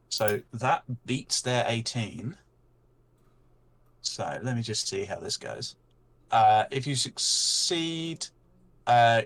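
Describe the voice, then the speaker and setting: A man acting as game master, calmly calling turns and checking the rules aloud. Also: medium pitch. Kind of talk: running a tabletop game.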